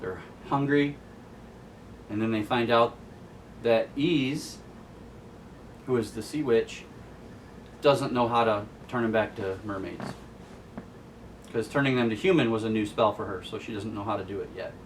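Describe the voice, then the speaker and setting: A man's voice: lowish voice, a little slow, long pauses, distant mic, a little hiss or hum. Chatty man recapping a comic. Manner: chatty, amused storytelling. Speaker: host. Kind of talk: casual comic book recap.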